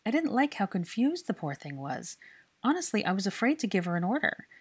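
A woman voicing a young woman who explains her views calmly and patiently. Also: mid-range voice, a little fast, breathy edge, voice pushed up. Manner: calm, explaining. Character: young woman, hurt but calm and thoughtful.

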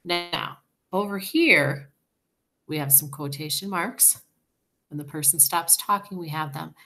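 A woman's voice: low voice, pushed and bright. A woman teacher giving a recorded reading lesson, patiently explaining sounds, sight words and punctuation. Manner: patient, explanatory, slow and deliberate.

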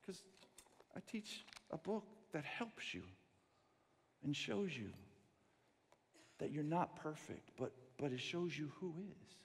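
A man preaching a sermon, telling stories in a lively way and acting out the voices of the people in them. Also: fairly high pitch, slow, creaky, long pauses. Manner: animated storytelling, acts out quoted voices. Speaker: pastor. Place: large church sanctuary. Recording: long reverb of a large church hall.

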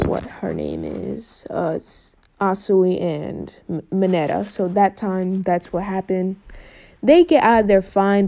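A young woman casually retelling a fan what-if story in a mellow, warm voice. She rambles, restarts and fills pauses with ums as she goes. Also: mid-range voice. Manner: rambling, with many fillers and restarts.

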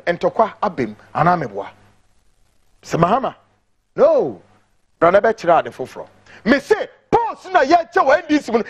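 A man's voice: high voice, breathy edge. A man with a Ghanaian accent giving impassioned political commentary, emphatic and repetitive, mixing English and Twi.

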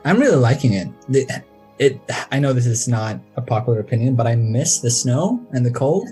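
A modest man, chatting as a podcast guest at a middle pitch, self-deprecating and quick to laugh nervously. Faint music sits softly behind him. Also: animated. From Sweden. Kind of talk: casual interview chat.

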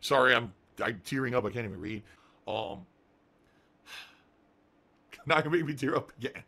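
A man's voice: medium pitch, sharp tone. A middle-aged man streaming live, ranting and at times sarcastic as he talks to his viewers. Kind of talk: livestream talk.

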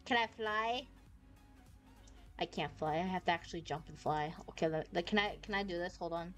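A VTuber streamer with a fairly low, fairly bright voice chats at normal speed while playing a game, over soft background music. Her casual gameplay commentary rambles, and she squeals and swears when something startles her.

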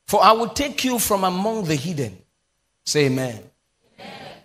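A high-voiced man, slightly bright in tone, preaches with a Nigerian English accent as pastor of a large church hall, his words trailing in long reverb. He leads the congregation in call-and-response on key phrases and bursts into prophetic prayer.

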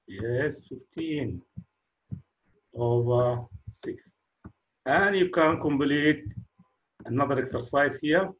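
Slow-spoken male teacher. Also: medium pitch, dull audio. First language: Arabic. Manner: slow, encouraging, repeats praise, non-native English phrasing. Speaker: math teacher. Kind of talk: classroom math lesson.

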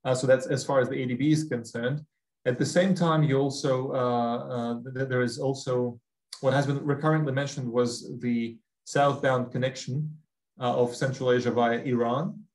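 Male academic, Russian accent, halting Q&A answers, frequent fillers. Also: medium pitch, steady tone, darkish tone, poor audio. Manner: hesitant, many fillers and restarts. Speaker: guest speaker.

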